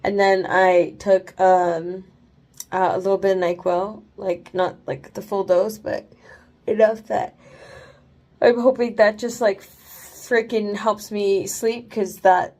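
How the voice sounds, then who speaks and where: A woman's voice: mid-range voice, steady tone, takes it slowly, mellow. A tired woman vlogging casually at home after oral surgery, rambling with lots of fillers and swearing freely. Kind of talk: casual late-night vlog. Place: home, bed then bathroom.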